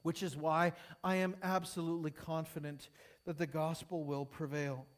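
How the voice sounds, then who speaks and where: A man preaching a sermon to his congregation, rising to emphatic peaks and falling soft, then leading a prayer. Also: on the high side, flat delivery, moderate pace. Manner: emphatic, building and falling in intensity.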